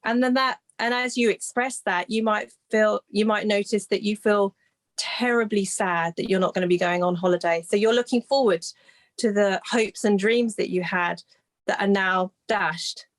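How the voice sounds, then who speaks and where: A woman in an interview gently explaining her grief recovery work, with a soft, reflective manner and frequent pauses and restarts. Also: medium pitch, fairly even intonation.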